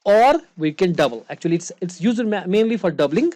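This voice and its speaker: A woman's voice: lowish voice, lively intonation, fairly quick, dark tone, no echo. A woman teaching a one-on-one recitation lesson, explaining rules patiently and checking understanding with frequent questions.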